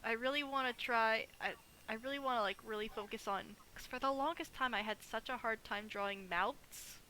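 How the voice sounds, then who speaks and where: Bright-voiced woman, teasing. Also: fairly high pitch, moderate pace, a little hiss or hum, poor audio. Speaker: guest co-streamer. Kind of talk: casual chat.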